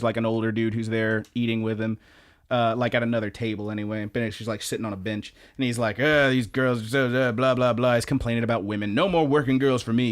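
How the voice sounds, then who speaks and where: Man, podcast co-host, rambling, profane, casual recap chat, lots of um and uh. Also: medium pitch.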